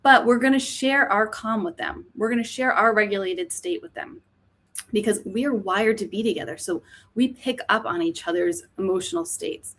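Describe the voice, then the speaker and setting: A woman's voice: medium pitch, normal speed, fairly bright tone. A woman, an author and teacher, explaining mindfulness in a podcast interview, often checking in with "right?". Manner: explanatory, frequent "right?" tags.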